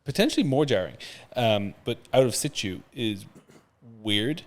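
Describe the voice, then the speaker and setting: A man's voice: medium pitch, very animated, moderate pace. A man co-hosting a gaming podcast, chatting casually with lots of enthusiasm and frequent swearing. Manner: enthusiastic, swears often, jumps between topics. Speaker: podcast co-host. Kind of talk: casual chat.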